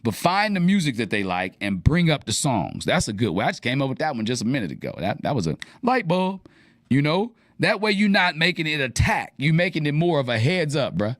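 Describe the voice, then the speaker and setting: A man's voice: medium pitch, very animated, brisk, no room sound, clean studio sound. A man hosting an advice radio show, talking casually and animatedly in slang and acting out the lines he quotes.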